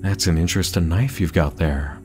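A man's voice: low-pitched, fairly quick, a little mellow, faint music behind, close to an everyday voice. A man doing a scheming privateer captain. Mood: sly.

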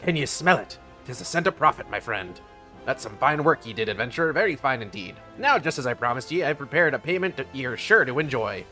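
An actor playing a jovial, shrewd seafaring merchant in a game, with a put-on old-fashioned pirate-ish accent. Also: male voice, mid-range voice, expressive, a little fast, bright, forceful tone, soft background music. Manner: jovial, folksy, salesman-like. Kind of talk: game voice acting.

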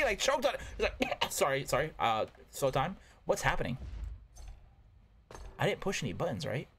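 A man giving casual gameplay commentary, excitable and talking to himself, yelping at close calls. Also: on the high side, slight background noise. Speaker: gaming YouTuber.

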